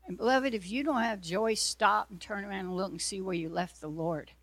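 A woman's voice: mid-range voice, fairly quick, dry recording. A woman preacher giving an earnest sermon testimony, telling her story and acting out her own prayers and God's replies.

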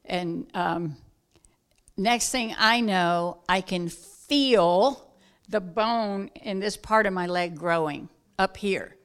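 A woman from South Georgia, telling a personal story in casual talk, animated and acting out the voices of the people in it. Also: fairly low pitch, slow pace, clean tone. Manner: animated, acts out quoted voices loudly, laughs while telling. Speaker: guest telling a testimony.

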